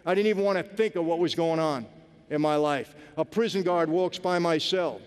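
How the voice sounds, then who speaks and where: A man's voice: a little high, moderate pace, clear, resonant tone. A man giving an earnest personal testimony, speaking emphatically and directly to his audience. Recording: long reverb of a large hall.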